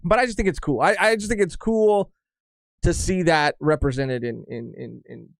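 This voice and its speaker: A young man co-hosting a podcast in casual chat, rambling and halting with frequent restarts. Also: fairly high pitch, creaky, no room sound, studio quality. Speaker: podcast co-host.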